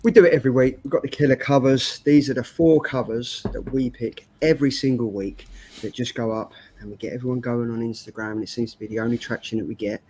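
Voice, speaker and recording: Fast-talking man. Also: mid-range voice, fairly even intonation, a little mellow, a little hiss or hum. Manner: quick, chatty, jokey. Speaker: co-host. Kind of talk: casual chat on a streamed show.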